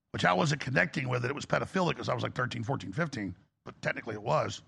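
A man's voice: mid-range voice, fast, vocal fry, few pauses, sharp tone, breathy edge. A middle-aged man hosting a talk show, delivering a rambling, impassioned confessional monologue that rises into preaching.

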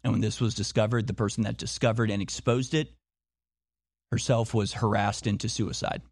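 A man's voice: fairly low pitch, level tone, normal speed, vocal fry, a little mellow, slightly rough, no room sound, clean studio sound. A man talking in a monologue, insistent, firing off repeated rhetorical questions and often restarting his sentences. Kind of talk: monologue commentary.

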